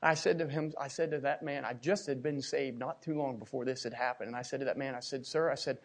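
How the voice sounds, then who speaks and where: A middle-aged man from Pennsylvania preaching a sermon, telling a personal story with emotion and repeating his words as he swings from hushed to loud. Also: medium pitch, steady tone, fast talker, hardly any pauses.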